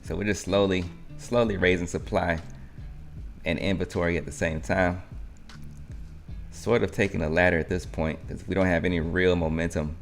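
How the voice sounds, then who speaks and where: A man's voice: low voice, fairly even intonation, normal speed, vocal fry, soft background music. A man hosting a live trading stream, narrating market moves in a rambling, think-aloud way.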